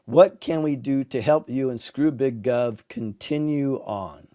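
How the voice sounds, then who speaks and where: A man hosting a livestream Q&A, telling a joke with lively voices, then answering a viewer question in a halting, emotional way. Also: medium pitch. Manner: animated storyteller, halting and emotional when moved. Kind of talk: casual livestream Q&A.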